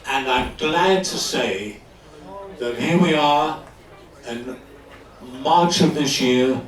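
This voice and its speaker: An older man from London, an actor telling anecdotes on stage with animated delivery and frequent laughs. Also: medium pitch, takes it slowly. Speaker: guest actor. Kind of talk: live stage storytelling. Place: stage in a club hall before an audience. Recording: echoey hall, distant mic.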